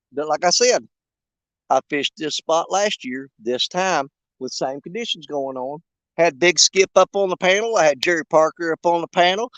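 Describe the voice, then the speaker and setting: This fishing vlogger's voice is a little high and fairly bright, with no echo around it. He's outdoors on a riverbank, chatting casually on a livestream, cracking jokes and rambling in a folksy manner.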